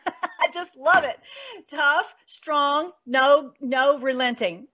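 A woman's voice: high-pitched, fairly even intonation, takes it slowly, a bit bright, highs cut off. A woman hosting a casual political commentary show, gushing and laughing often as she talks. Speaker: host.

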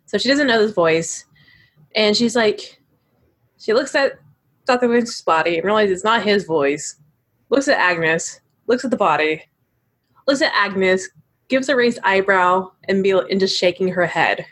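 A woman playing a tabletop game, narrating her character's actions in a casual, animated way. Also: medium pitch, a little slow. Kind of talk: casual role-play narration.

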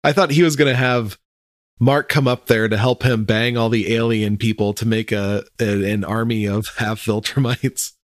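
A man co-hosting a casual podcast chat, laid-back and agreeable, thinking out loud about the plot. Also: lowish voice, steady tone, normal speed, no echo, studio quality. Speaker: podcast co-host.

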